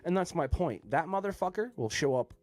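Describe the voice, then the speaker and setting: A man's voice: fairly high pitch, expressive, brisk, no echo. A man hosting a podcast, talking in a blunt, rambling, profane way. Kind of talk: casual chat.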